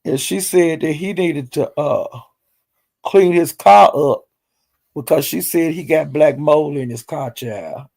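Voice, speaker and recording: A man casually recapping a livestream as a story, animated and laughing often as he talks. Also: fairly high pitch, slow, vocal fry. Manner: animated, laughs often, loose slangy talk.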